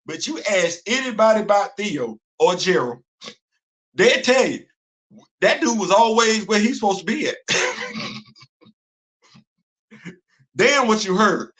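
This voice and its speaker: Animated high-voiced man ranting. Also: slow, pauses often. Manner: animated, repetitive, laughing often, heavy slang. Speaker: host. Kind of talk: casual livestream commentary.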